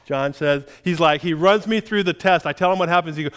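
A middle-aged male pastor preaching, his voice smooth and resonant and sitting a little high for a man. He tells a story against himself in a self-deprecating way, chuckling as he goes. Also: fairly quick, hardly any pauses, fairly bright tone. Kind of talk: sermon with personal story.

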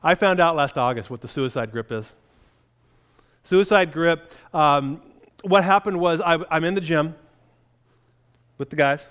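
A middle-aged male pastor preaching, his voice smooth and resonant and sitting a little high for a man. He tells a story against himself in a self-deprecating way, chuckling as he goes. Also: a little slow, pauses often, fairly bright tone. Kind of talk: sermon with personal story.

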